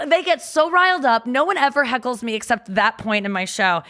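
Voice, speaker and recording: In a casual studio podcast chat, a woman comedian tells a story in a high, slightly bright voice, talking fast with few pauses. Her guest storytelling rambles, is heavy on fillers, and is punctuated by lots of laughter.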